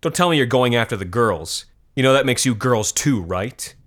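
A man's voice: sits low, animated, normal speed, slightly rough. A man voicing a cruel teenage boy who bullies and jeers at other kids. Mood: jeering. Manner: jeering, aggressive shouting. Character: taunting teenage boy bully, cruel and shouting.

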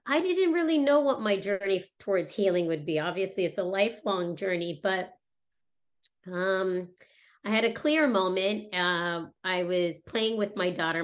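A woman in her thirties talking casually and reflectively about her family, pausing often with fillers and restarts. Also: medium pitch, fairly bright tone. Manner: halting, many fillers and restarts. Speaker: guest sharing a personal story.

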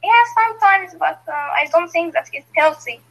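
Young woman from egypt, arabic native, english learner, high bright voice, hesitant, online video call. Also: moderate pace, vocal fry, rough recording. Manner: hesitant, with fillers and grammar slips. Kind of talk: online lesson conversation.

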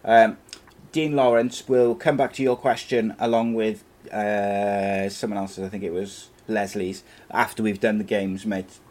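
Man, low voice, football show host, chatty banter, reads viewer questions. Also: steady tone, unhurried, darkish tone. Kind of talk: live football podcast chat.

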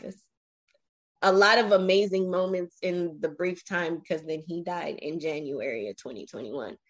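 A woman in her forties, a podcast interview guest, telling her own life story in an animated, emotional way with frequent restarts. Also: fairly low pitch, normal speed, lo-fi sound.

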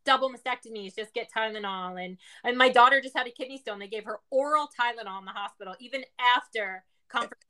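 A woman's voice: fairly high pitch, fast talker, few pauses, bright, forceful tone. A woman co-hosting a podcast, chatting and agreeing readily with her guest. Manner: chatty, agreeable, frequent affirmations. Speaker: podcast co-host. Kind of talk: casual interview chat.

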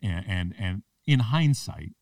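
A man with a fairly low voice tells a story on a podcast, landing his self-mocking jokes with punchy timing. He sounds a little distant from the microphone. The recording is dry, with no room echo. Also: expressive, slow pace, a little mellow. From Canada. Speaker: podcast guest, public speaker. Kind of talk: animated storytelling in a podcast interview.

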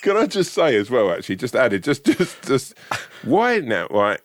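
A man chatting casually as a podcast co-host, his pitch jumping about as he acts out the people in his stories. The recording is dry and close, with no room sound. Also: normal speed, dry recording. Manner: animated storyteller, acts out dialogue. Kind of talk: casual chat.

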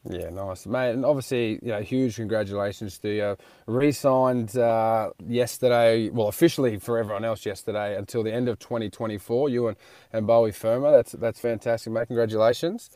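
A man's voice: fairly low pitch, fairly even intonation, a little fast, warm tone, no room sound. An Australian man co-hosting a sports radio show from his car, chatty and matey, with frequent laughs. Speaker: co-host and player. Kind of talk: casual radio chat.

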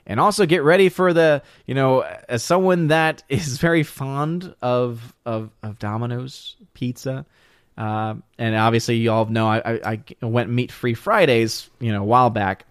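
A man hosting a casual livestream, talking his way through viewer comments in a rambling, self-interrupting manner. His voice sits at an ordinary middle pitch. The recording is dry and close, with little room sound. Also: normal speed, smooth, dry recording. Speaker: livestream host reading chat.

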